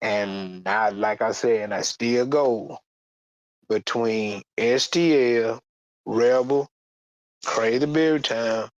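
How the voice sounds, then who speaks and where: A man giving a personal testimony in a halting, plain-spoken way, often repeating words and restarting. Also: medium pitch, no echo, highs cut off. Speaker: guest sharing a church testimony.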